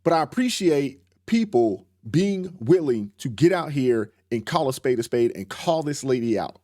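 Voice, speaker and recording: A man's voice: medium pitch, darkish tone, no room sound, clean studio sound. A man hosting a reaction channel, giving emphatic, preacherly commentary in casual speech. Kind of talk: commentary on a played clip.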